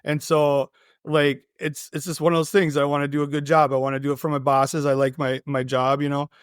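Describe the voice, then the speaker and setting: A man guesting on a podcast, telling a story in an animated way and laughing often. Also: on the high side, brisk, clear, resonant tone, no echo, studio quality. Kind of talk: casual podcast chat.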